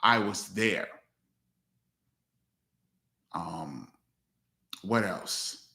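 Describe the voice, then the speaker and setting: A man's voice: lively intonation, very slow, gravelly, sharp tone. A man hosting a live Q&A chat as a DJ, telling stories casually and acting out other people's lines. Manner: loose storyteller, acts out friends' lines with big pitch jumps. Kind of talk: casual storytelling livestream. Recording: roomy echo.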